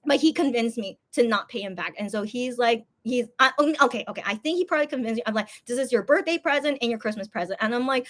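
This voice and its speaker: A young adult woman hosting a casual livestream, telling a story in an animated way, full of fillers and repeated words. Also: fairly high pitch, quick pace. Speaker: livestream host. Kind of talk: casual live-stream chat.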